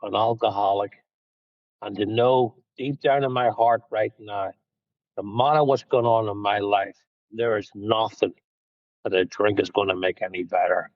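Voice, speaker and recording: A man speaking slowly and earnestly as he closes his share in a recovery meeting on a video call. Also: lowish voice, fairly even intonation, no room sound, highs cut off. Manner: slow, earnest, reflective. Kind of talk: closing a personal share.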